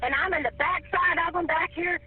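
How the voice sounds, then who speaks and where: A woman's voice: extremely high pitch, steady tone, a little fast. A frightened, tearful woman on an emergency call, panicked and pleading, stammering as she begs for help. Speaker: emergency caller. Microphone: phone. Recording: tinny phone line.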